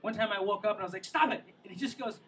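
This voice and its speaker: A man's voice: sits high, fairly even intonation, very fast, fairly bright tone, distant mic, a little hiss or hum, rough recording. A man doing a stand-up comedy set outdoors by the water, rambling and self-mocking, drifting into asides and tripping over his own words. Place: outdoor show near the water.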